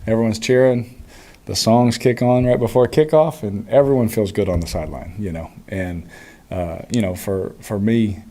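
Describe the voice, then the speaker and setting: A man in his thirties, a quarterback answering postgame press questions in a relaxed way with frequent chuckles and fillers. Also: on the low side, moderate pace.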